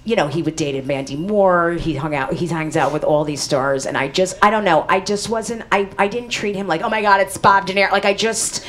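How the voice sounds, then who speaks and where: Laughing, animated woman comedian. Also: sits low, normal speed, few pauses. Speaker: comedian guest. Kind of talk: casual storytelling.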